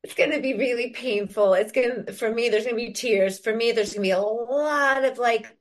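A woman's voice: on the high side, brisk. Reflective woman co-hosting a recovery podcast. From Ireland. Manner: reflective, frequent "like" fillers, acts out her own inner voice. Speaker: podcast co-host. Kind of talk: casual conversational podcast.

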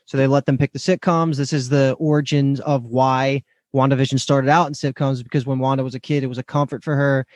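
A man co-hosting a casual podcast, quick and questioning, with enthusiastic asides. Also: mid-range voice, level tone, darkish tone, no echo. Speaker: podcast co-host. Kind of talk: casual chat about a TV show.

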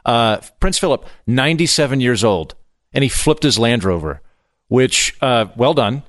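A man's voice: medium pitch, lively intonation, normal speed, fairly bright tone, dry recording, clean studio sound. A man in casual chat as a guest comedian, rambling and jokey with many restarts.

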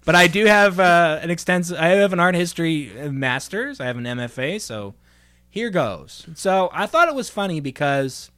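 A man's voice: a little high, big pitch swings, normal speed, sharp tone, smooth. A man playing a smarmy, awkward male gallery curator in an improvised comedy, rambling and flustered. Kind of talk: improvised comedy role-play.

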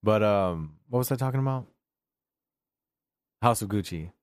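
Low-voiced guy rambling about movies, swears a lot, dry close sound. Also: lively intonation, normal speed, smooth, dry recording. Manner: loose, profane, rambling with fillers. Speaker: podcast co-host. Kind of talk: casual chat about movies.

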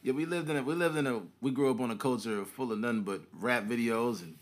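This young co-host speaks quickly in a mid-range voice during a casual podcast chat, acting out the characters and their lines as he tells his stories with animation.

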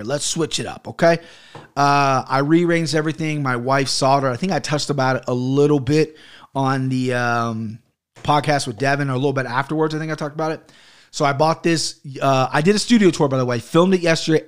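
Profane ranting podcast host, man. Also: medium pitch. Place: home studio office. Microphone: studio mic on an arm.

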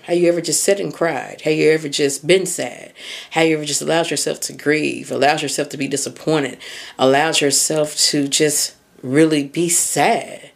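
A woman's voice: deep voice, creaky. Candid, laughing woman podcast host. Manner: candid and conversational, casual swearing, frequent laughter. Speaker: podcast host and mindset coach. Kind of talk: casual podcast monologue.

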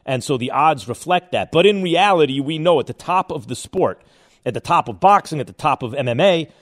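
A man hosting a sports radio show, interviewing a guest and thinking out loud with restarts as he probes. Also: fairly high pitch, animated, brisk. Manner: probing, thinks aloud with restarts.

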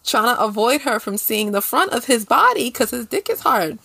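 Gravelly woman, blunt and slangy. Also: a little high, big pitch swings, moderate pace, pushed and bright, dry recording. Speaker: podcast co-host. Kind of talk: casual chat.

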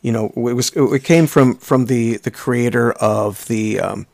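A man's voice: medium pitch, a little slow, gravelly, darkish tone, no echo, clean studio sound. A man in his fifties co-hosting a podcast in casual chat, rambling on with many restarts. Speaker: podcast co-host.

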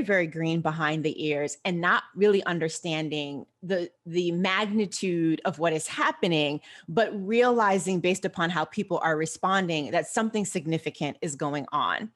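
An older woman, a financial behaviorist, telling her story as a guest in an interview in a measured, articulate way. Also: on the low side. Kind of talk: interview answers.

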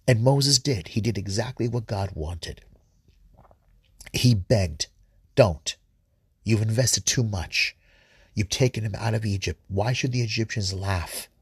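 A man's voice: fairly low pitch, gravelly, husky, no room sound, studio quality. A man giving informal scripture commentary, earnest, often repeating words and restarting sentences. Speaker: Bible study host.

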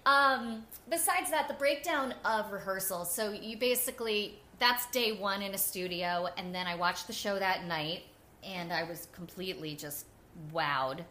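Bright, chatty New woman. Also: medium pitch, measured pace. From New Jersey. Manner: animated and chatty, with frequent "like" and laughter. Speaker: guest. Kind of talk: casual interview storytelling.

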